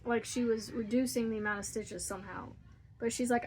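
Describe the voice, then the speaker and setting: A woman's voice: a little high, steady tone, fairly quick, a little mellow, a little hiss or hum. A woman hosting a crochet channel, chatting casually while she crochets and rambling through a story with frequent laughs.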